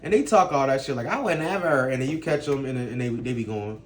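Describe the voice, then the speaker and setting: A man vlogs to camera at a fast clip, his medium-pitched voice animated and a little mellow. He rants casually in blunt, profane street talk, firing off one rhetorical question after another.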